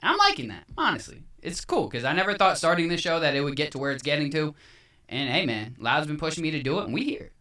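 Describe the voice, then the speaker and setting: A man hosting a casual podcast, excitable and animated, with loud bursts of energy and an American accent. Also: a little high, fast talker. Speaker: podcast host.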